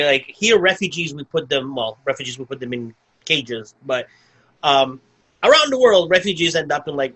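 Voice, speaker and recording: A man with a bright, slightly high voice, talking casually through a movie plot on a podcast. He rambles, circles back, and fills his sentences with "like" as he goes. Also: slightly rough, rough recording. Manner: rambling, full of "like" and restarts. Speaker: podcast co-host. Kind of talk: casual movie review chat.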